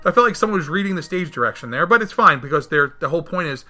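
A man recapping a movie in casual chat, animated and acting out the characters' lines. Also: very fast, faint music behind. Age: adult, married. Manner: animated, acts out quotes with big jumps in pitch. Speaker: podcast co-host reviewing a film.

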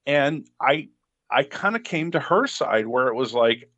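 A man's voice: medium pitch, expressive, measured pace, a bit bright, no echo, dull audio. A man who is a father, chatting casually as a podcast panelist with frequent "right?" and "you know". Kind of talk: casual chat.

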